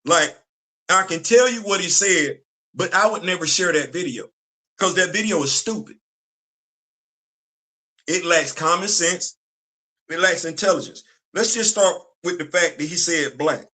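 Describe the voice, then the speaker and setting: Guy with ranting about fandom stuff, bright edgy voice, kinda high, repeats himself for emphasis. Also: unhurried, pauses often. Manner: emphatic, repeats phrases for effect. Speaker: commentary channel host. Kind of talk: casual opinion commentary.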